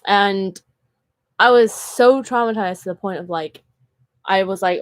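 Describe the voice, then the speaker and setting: Brief: woman, candid chatty vlogger, mid-pitched, dry close sound, filler-heavy storytelling. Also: a little slow, long pauses, dry recording. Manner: earnest and candid. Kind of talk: casual storytelling vlog.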